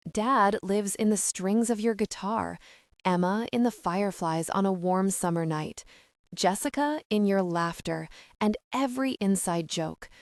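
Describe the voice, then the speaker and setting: Woman voicing a gentle, reassuring mother. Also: mid-range voice, unhurried, dry recording, studio quality, natural voice. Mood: tender reassurance. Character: affectionate, soothing middle-aged mother.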